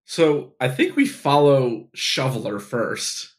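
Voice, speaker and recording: Relaxed man recapping with a chuckle. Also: mid-range voice, slow pace. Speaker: podcast co-host. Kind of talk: casual chat.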